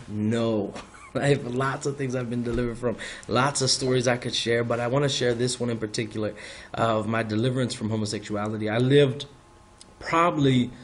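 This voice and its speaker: A male minister giving a measured, earnest personal faith testimony. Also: mid-range voice, a little hiss or hum.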